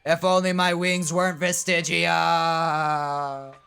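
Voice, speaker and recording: A man playing a huge, arrogant fire demon who taunts his foe. The voice is slow and measured, with a boastful edge. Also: fairly high pitch, little pitch movement, gravelly, sharp tone, clean tone, heavily acted.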